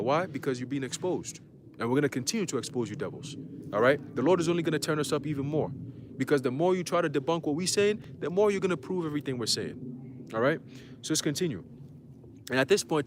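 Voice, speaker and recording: A man's voice: a little high, fast talker, slight background noise. A man preaching a livestreamed church sermon, fiery and profane, driving each point home with "all right?" and "okay?".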